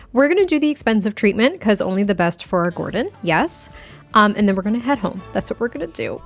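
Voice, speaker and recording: A young woman giving casual, chatty gameplay commentary, giggling often and restarting her sentences. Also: fairly high pitch. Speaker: gaming creator.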